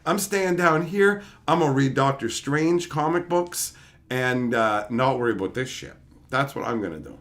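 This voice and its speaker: A man with a slightly higher voice tells a rambling story, casual and full of swearing. He sounds tired from lack of sleep but stays animated, breaking into laughing asides. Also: normal speed. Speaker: channel host.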